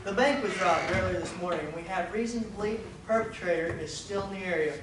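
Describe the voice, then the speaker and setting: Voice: medium pitch, fast, background noise, natural voice. Actor playing a mild town cop, mid voice, roomy far-off stage sound. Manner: courteous, mild, plain-spoken. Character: polite small-town police officer. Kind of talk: amateur stage play. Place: stage in a hall. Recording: roomy hall from a distance.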